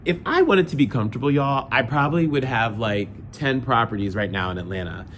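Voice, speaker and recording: A young man talking casually to his viewers at night indoors, relaxed and reflective, rambling with fillers. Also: medium pitch, brisk, a little hiss or hum. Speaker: vlogger. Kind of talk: casual late-night vlog talk.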